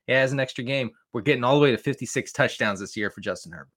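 Man, podcast guest, fantasy football analyst, excitable, stammering, bright tone. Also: mid-range voice, rapid-fire. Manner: stammering restarts, excitable, joking. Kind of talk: casual chat.

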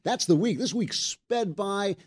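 A man hosting a talk show, chatty and lively, laughing easily with his guest. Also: sits high, measured pace, dry recording, clean studio sound. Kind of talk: talk show interview and chat.

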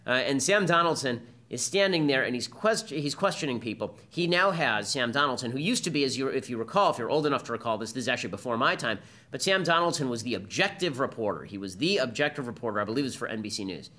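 Guy ranting fast on his podcast, bright voice, pitch jumping all over. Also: expressive. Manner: combative, fast-talking monologue. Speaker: podcast host. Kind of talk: political commentary podcast.

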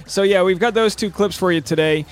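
A man's voice: sits high, a little fast. A man hosting a casual news podcast, chatty and upbeat, who laughs easily. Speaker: podcast host and stand-up comic.

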